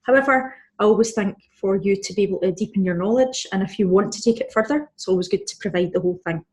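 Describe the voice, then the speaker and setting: A woman's voice: mid-range voice, quick pace, darkish tone. A Scottish woman teaching a Spanish grammar lesson, explaining patiently step by step. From Scotland. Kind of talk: online language lesson.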